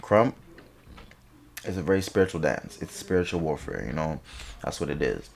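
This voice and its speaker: Earnest dancer man, very deep voice, explains the dance. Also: animated, moderate pace, vocal fry. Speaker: krump dancer. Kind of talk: interview.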